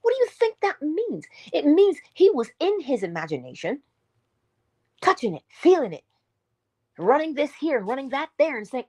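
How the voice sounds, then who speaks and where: A woman giving a motivational morning talk, animated and emphatic, asking her listeners rhetorical questions and dropping into hushed asides. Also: sits high, moderate pace. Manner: animated and emphatic, swinging between loud bursts and hushed asides; preacherly, speaks straight to listeners with rhetorical questions. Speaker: inspirational speaker.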